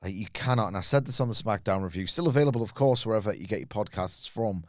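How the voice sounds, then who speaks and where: A man's voice: fairly low pitch, quick pace, no room sound, studio quality. A man co-hosting a wrestling podcast, chatting casually with wry, self-mocking jokes. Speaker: podcast co-host. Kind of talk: casual banter.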